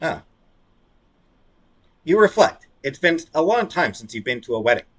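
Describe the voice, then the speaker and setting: A man's voice: mid-range voice, a bit bright. A man playing a video game and reading its dialogue aloud, with playful, jokey asides. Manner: playful, jokey asides between read lines. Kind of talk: let's play, reading dialogue in character voices.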